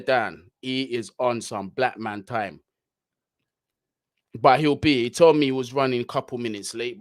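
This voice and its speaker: A man's voice: mid-range voice, dry recording. A man hosting a casual fan livestream, chatting in slang and reading out viewer comments.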